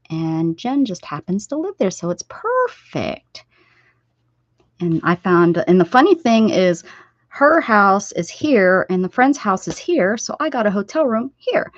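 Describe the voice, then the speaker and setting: A woman hosting a casual craft livestream, rambling and chatting warmly with viewers as she sews. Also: fairly low pitch, dry recording. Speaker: livestream host. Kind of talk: casual livestream chat while sewing. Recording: dull, dry lo-fi sound.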